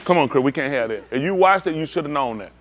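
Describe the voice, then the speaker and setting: A man with a high-ish, expressive voice speaks fast as he hosts a playful trivia game for a room of people, teasing them and calling on them by name in lively group banter.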